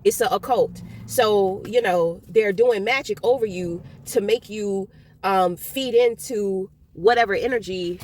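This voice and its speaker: A woman giving a casual tarot reading, talking bluntly and with plenty of swearing as she tells stories with animated energy. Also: mid-range voice, unhurried. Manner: blunt and profane, animated storytelling. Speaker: tarot reader.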